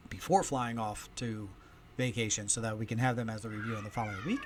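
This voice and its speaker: A man hosting a casual solo podcast from home, chatty and storytelling, with loudness that swings often. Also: fairly low pitch, steady tone, quick pace, slight background noise. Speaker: podcast host. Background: faint ambience of heating and kids upstairs.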